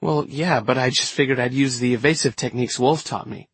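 A man's voice: medium pitch, fairly quick, breathy edge, no room sound, pitched above the performer's own voice, lightly acted. A man voicing a polite, earnest young woman in an audiobook.

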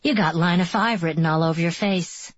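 A woman's voice: lowish voice, fairly quick, dry recording, dull audio, close to an everyday voice. A woman reading the part of a confident young male team captain in an audiobook, commanding and scheming. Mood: assured.

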